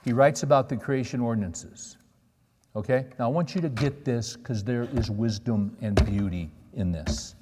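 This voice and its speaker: A man's voice: mid-range voice, normal speed, darkish tone, a little hiss or hum. A middle-aged man preaching a sermon, telling stories in a conversational way and checking in with the audience. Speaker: pastor. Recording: long reverb of a large hall.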